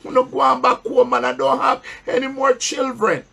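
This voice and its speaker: A man's voice: extremely high pitch, level tone, normal speed, vocal fry, bright, forceful tone, husky, voice pushed up, exaggerated voice. A grieving old woman pleads, as a man preaching puts her on. The voice sits well above his own, urgent and insistent. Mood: pleading.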